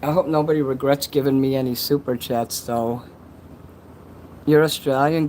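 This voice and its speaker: A man's voice: medium pitch, steady tone, normal speed, long pauses, darkish tone, a little hiss or hum, low-quality recording. A man casually chatting on a livestream, reading donations and rambling with crude jokes and many restarts.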